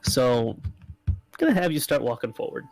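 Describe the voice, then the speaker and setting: A man's voice: medium pitch, sing-song, normal speed, gravelly, no echo, poor audio. A man narrating as game master in a loose, casual way, full of fillers.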